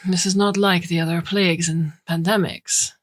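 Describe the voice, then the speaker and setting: A woman voicing an older silver-haired man with a faint Romanian accent who speaks in a slow, measured way. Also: on the low side, steady tone, natural voice. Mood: musing.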